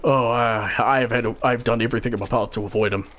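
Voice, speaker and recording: A young New Zealand man, the channel host, tells a rambling story while gaming, swearing and acting out quotes. His mid-range voice is steady, fast, and fairly bright.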